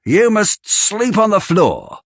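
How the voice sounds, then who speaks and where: A man voicing a mean, harsh woman in a storybook reading, scolding with a husky edge. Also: huge pitch swings, takes it slowly, dry recording, studio quality, full character voice. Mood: cold. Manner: scolding, shrill and cold. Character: mean, harsh middle-aged woman, stepmother figure.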